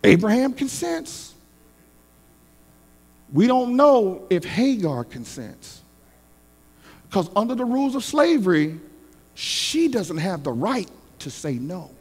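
A man preaching a sermon as pastor, emphatic and calling for responses, with shouted peaks. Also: high-pitched, very animated, slow, pauses often, husky, in a large hall.

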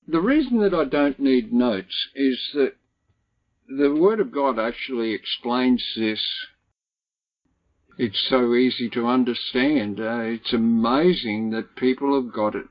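Slow, deliberate male Bible teacher. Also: medium pitch, dull audio. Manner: slow and deliberate, stressing key words. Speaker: Bible study leader. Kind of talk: Bible teaching and scripture reading to a small group.

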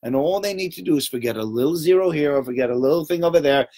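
A man giving an informal Torah talk to a small group, conversational and animated, often checking in with "right?" and acting out little voices. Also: on the high side, fast talker. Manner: acts out little voices and sounds while telling stories.

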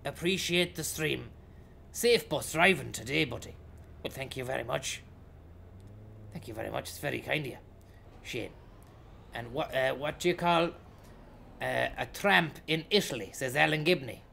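Irish male streamer, rough gravelly voice, joking and chatty. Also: medium pitch, moderate pace, sharp tone, a little hiss or hum. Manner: jokey, rambling, thanks donors by name. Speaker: live streamer. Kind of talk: live stream commentary.

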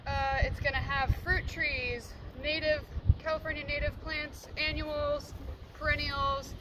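A woman in a school garden outdoors, answering in a soft, unhurried way as she lists what she will plant. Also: high voice, little pitch movement. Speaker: gardener building raised beds. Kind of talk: casual answers from a distance. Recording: distant from the mic, outdoor noise.

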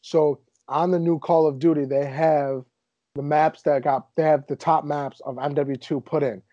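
A young man in his twenties hosting a casual podcast, telling stories with animated, mock-indignant energy. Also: fairly high pitch, normal speed, no echo, muffled recording. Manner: animated storyteller, exaggerated indignation. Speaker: podcast host.

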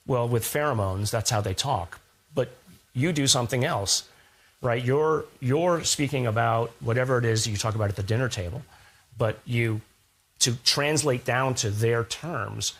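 A man's voice: medium pitch, moderate pace, fairly bright tone, husky. A man being interviewed as a scientist guest, explaining ideas through analogies and rhetorical questions in a thoughtful, conversational way.

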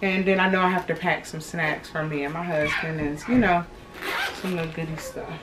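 A woman's voice: low voice, steady tone, brisk, heavy background noise. A pregnant woman in her thirties chatting casually to viewers, a bit out of breath, calling them y'all as she goes. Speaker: vlogger, expectant mother. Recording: echoey home room, distant camera mic.

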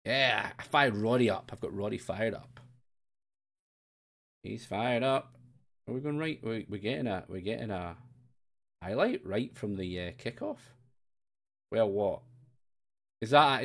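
A man streaming himself playing a football management game, chatting along in a gravelly voice. His pitch swings widely as he jumps from rambling self-mockery to excited yelps. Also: a little slow, pauses often. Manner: chatty and self-mocking, with sudden excited outbursts. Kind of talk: live-streamed gameplay commentary.

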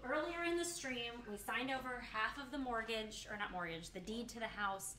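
A woman's voice: on the high side, moderate pace, pushed and bright, echoey room, a little hiss or hum. A woman with an English accent, co-hosting a livestream in casual, playful chat while cooking. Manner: playful, teasing, mimics accents. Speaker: livestream co-host.

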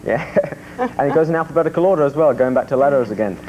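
A man's voice: fairly high pitch, fast talker, a little mellow. A man co-hosting a casual morning radio show, joking around and laughing often. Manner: jokey, tells gags, laughs often. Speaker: radio co-host. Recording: dull radio audio with faint hiss.

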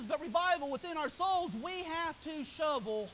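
A man preaching a revival sermon, his voice often taken for a woman's, swinging from soaring high shouts to hushed low asides. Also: moderate pace, few pauses, a little hiss or hum, poor audio.

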